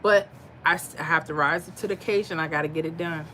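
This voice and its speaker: A woman's voice: sits low, fairly even intonation, fast talker, sharp tone, slight background noise. Chatty woman reading stream comments. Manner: chatty, reads and answers viewer comments, candid and reflective. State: tired. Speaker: livestream host reading chat. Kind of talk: casual livestream chat.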